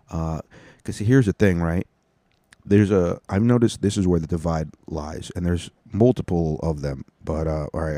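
Low dark-voiced guy ranting, swears a lot, rambles and cuts himself off, dry close mic. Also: no echo. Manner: profane, rambling, self-interrupting. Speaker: stand-up comedian and podcast host. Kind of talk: casual solo rant.

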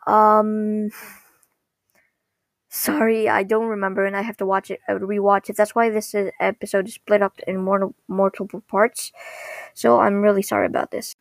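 A woman casually recapping a cartoon episode, rambling and halting with many restarts. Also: medium pitch, level tone, gravelly, dry recording. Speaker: recap vlogger.

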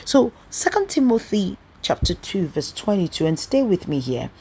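A woman's voice: medium pitch, very animated, normal speed, a little mellow, breathy edge. A woman teaching a Bible study, emphatic and fond of rhetorical questions, stressing key words with sudden bursts.

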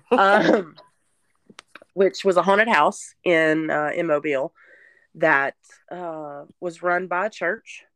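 A woman's voice: lowish voice, slow pace, pauses often, fairly bright tone, dry recording. Candid woman telling her story. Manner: candid, chatty, at times tearful. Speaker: podcast guest sharing testimony. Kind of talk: personal storytelling.

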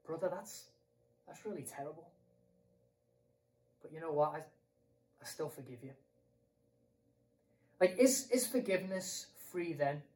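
A man's voice: sits high, far from the mic, low-quality recording. A British man preaching a sermon in a conversational way, asking rhetorical questions and repeating himself.

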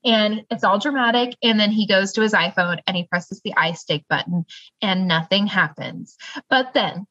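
A woman co-hosts a casual podcast and recaps the plot in a bright, tense voice. She tells the story with quick laughs. The sound is dry and lo-fi. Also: medium pitch, no echo. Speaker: podcast co-host.

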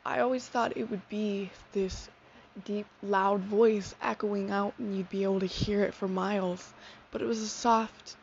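A young woman in her teens sharing a personal faith testimony in a sincere, soft-spoken, reflective way. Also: medium pitch, fairly even intonation, unhurried, gravelly. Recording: dull lo-fi sound with faint noise.

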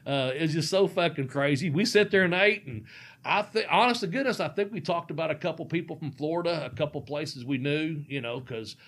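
A man's voice: fairly high pitch, brisk, fairly bright tone. A middle-aged man, a former pro wrestler, telling a rambling, profane story and laughing often. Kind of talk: casual storytelling.

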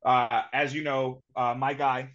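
A man's voice: medium pitch, level tone, measured pace, fairly bright tone. Insistent man on a lo-fi podcast. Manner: emphatic, repeats names and phrases insistently. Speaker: podcast co-host. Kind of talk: casual sports banter. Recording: slightly dull lo-fi podcast audio.

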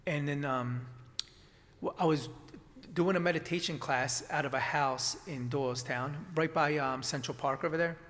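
A man with a slightly high voice recounts his past in a relaxed conversation. He rambles, restarting sentences and filling gaps with ums and "you know". A long reverb trails after his words. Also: moderate pace. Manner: rambling, many restarts and fillers. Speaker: acupuncturist guest. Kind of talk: casual storytelling conversation.

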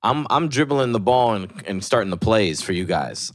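A man's voice: on the low side, lively intonation, no room sound, studio quality. A young man co-hosting a comedy podcast, trading boastful jokes in casual banter. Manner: joking, boastful, quick retorts. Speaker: podcast co-host.

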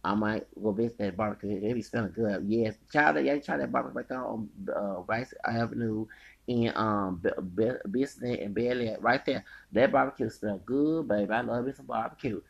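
Man, gravelly and husky, unscripted profane podcast rant, loud then mumbling. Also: lowish voice, moderate pace, lo-fi sound. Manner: rambling, profane, repeating himself; swings from loud outbursts to quiet mumbling.

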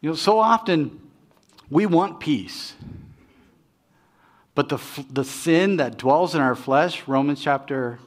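A middle-aged man preaching as pastor, talking in a conversational, self-deprecating way with frequent restarts. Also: fairly high pitch. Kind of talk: sermon with personal stories.

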